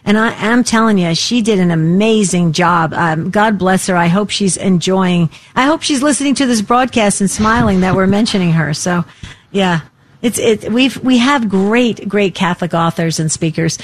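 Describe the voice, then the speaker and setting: A woman hosting a radio talk show, chatting warmly and effusively with many fillers and restarts. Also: medium pitch, moderate pace.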